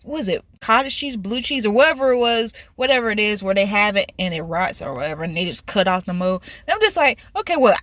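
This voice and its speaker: A woman vlogger telling a casual storytime in an excitable, animated way, recorded inside a car. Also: mid-range voice, quick pace, hardly any pauses, no room sound.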